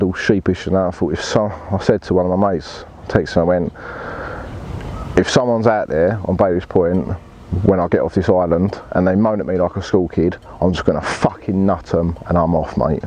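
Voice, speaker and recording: Deep-voiced angler, blunt and laddish. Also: male voice, fairly even intonation, moderate pace, darkish tone, slight background noise. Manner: blunt, swears freely, laddish slang. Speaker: angler telling his story. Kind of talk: casual storytelling.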